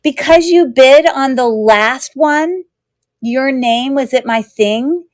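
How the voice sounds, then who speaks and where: A young adult woman hosting a live online jewelry auction, talking in a chatty, rambling way with lots of fillers and quick self-corrections. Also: high voice, no echo. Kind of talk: casual live-selling chat.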